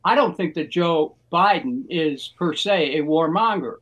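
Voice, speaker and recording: An older American man, a former congressman, speaking as a guest in a measured, deliberate way with frequent pauses. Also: a little high, animated, a bit bright, dull audio. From United States. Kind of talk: political interview.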